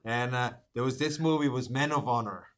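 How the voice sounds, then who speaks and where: A man co-hosting a podcast, relaxed in casual chat, telling a story with chuckles. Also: mid-range voice, brisk. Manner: relaxed, plugs links, chuckles. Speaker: podcast co-host.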